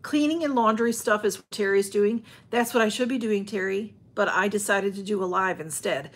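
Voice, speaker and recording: A woman's voice: medium pitch, moderate pace. A woman chatting on a livestream from home, rambling and greeting viewers by name as she reads their comments. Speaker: livestream host. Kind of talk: casual livestream chat.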